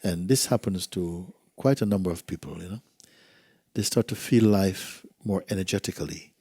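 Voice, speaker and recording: A man speaking as a spiritual teacher in a soft, gentle way. He often drops to a whisper and asks rhetorical questions. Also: low voice, normal speed, slightly rough, dry recording, clean studio sound. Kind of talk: spiritual talk, reading and answering letters.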